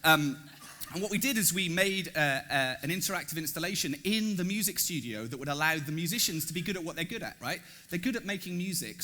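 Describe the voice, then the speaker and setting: A man's voice: a little high, bright, forceful tone. A man presenting his design work at a conference, enthusiastic and jokey, talking straight to the audience. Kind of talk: conference talk. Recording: echoey hall.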